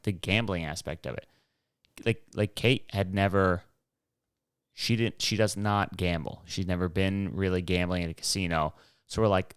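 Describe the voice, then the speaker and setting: A man's voice: low voice, clear, resonant tone, dry recording, clean studio sound. A young man hosting his own show, rambling casually through a story, swearing freely and acting out what people said. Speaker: podcast host. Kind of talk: casual solo rambling monologue.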